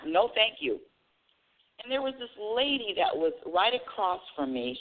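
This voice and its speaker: A woman hosting a live talk radio show, telling a story in a chatty way. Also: fairly low pitch. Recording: tinny phone line.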